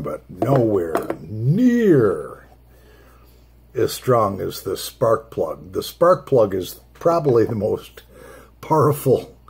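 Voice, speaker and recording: An older man with a deep, gravelly, very raspy voice talks slowly while smoking his pipe. He muses in a casual monologue and pauses now and then between thoughts. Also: darkish tone. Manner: unhurried, musing, pauses to draw on his pipe. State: hiccups from nicotine.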